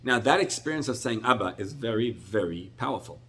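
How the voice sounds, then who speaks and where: A middle-aged man, a rabbi, teaching a Torah class with animated, expressive storytelling and sudden jumps in pitch. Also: fairly quick.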